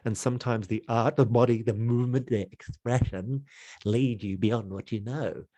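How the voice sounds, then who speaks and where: A man's voice: medium pitch, steady tone, moderate pace, mellow, no room sound. A man teaching an online creativity lesson in a playful, exploratory way, jumping into sounds and voices.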